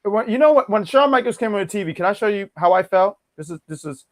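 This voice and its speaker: A man's voice: high voice, animated, quick pace. A man co-hosting a wrestling podcast, chatting casually with a joking, mock-boastful manner. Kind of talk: casual chat.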